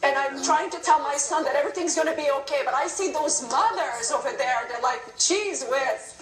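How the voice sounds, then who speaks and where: A woman guest in a live TV interview, crying as she talks, impassioned and pleading in rapid bursts. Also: sits high, crowd noise. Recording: roomy broadcast audio.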